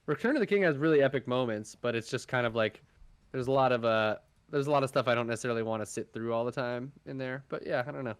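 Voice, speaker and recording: A man co-hosts a casual podcast, talking quickly and rambling through his thoughts. His voice is smooth and clean, recorded close and dry. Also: mid-range voice, dry recording. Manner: quick, rambling, filler-heavy. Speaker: podcast co-host. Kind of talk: casual chat.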